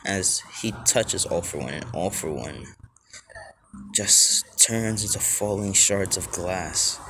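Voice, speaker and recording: Rambling low-voiced man telling a fan story. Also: takes it slowly, bright, forceful tone. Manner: rambling, heavy on filler words. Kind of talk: improvised fan-story narration. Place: outdoors. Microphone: phone held close to mouth. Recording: outdoor phone recording with noise.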